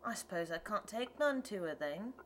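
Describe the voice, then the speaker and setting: A woman's voice: medium pitch, lively intonation, moderate pace, slight background noise, close to an everyday voice. A woman reading an audiobook, voicing a wandering male tinker who talks in a rustic, ungrammatical, wheedling way. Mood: friendly. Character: folksy wandering male tinker, pleading salesman.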